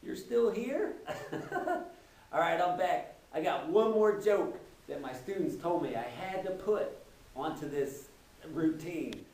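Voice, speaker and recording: A man's voice: a little high, lively intonation, takes it slowly, darkish tone, roomy sound, distant mic, low-quality recording. A man who teaches, telling math and science jokes in a comedy routine and laughing at his own punchlines. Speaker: teacher doing stand-up.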